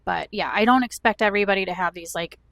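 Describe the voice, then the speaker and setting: A woman's voice: medium pitch, quick pace, vocal fry, no echo. Chatty Southern-raised woman vlogging. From American South. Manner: rambling, self-deprecating, animated storytelling. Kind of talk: chatty talk-to-camera vlog. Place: at home.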